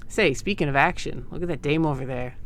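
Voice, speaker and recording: A streamer voicing a crew of rough small-time 1920s gangsters in a put-on vague East Coast accent, with a tough, swaggering drawl while reading game dialogue aloud. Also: mid-range voice, brisk, fairly bright tone, slight background noise, natural voice. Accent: put-on vague American East Coast.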